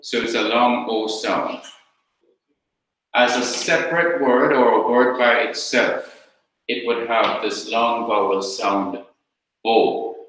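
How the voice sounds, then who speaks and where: A man teaching a class, explaining slowly and repeating each point step by step. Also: medium pitch, steady tone, fairly bright tone. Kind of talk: classroom lecture with questions. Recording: very echoey classroom.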